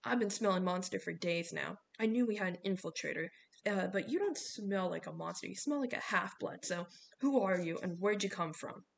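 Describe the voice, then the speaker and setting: A gruff, blunt middle-aged coach who grumbles and barks orders, as a woman reads him. His voice carries a gravelly edge, and he talks in short, clipped bursts. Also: medium pitch, animated, moderate pace, a little hiss or hum.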